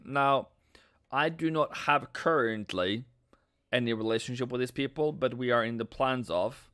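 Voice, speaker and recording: Speaking at a normal speed, a playful man from Norway delivers casual commentary on his forex trading livestream. He chats with viewers and slips into silly sound effects, his mid-range voice sharp, clear, and resonant.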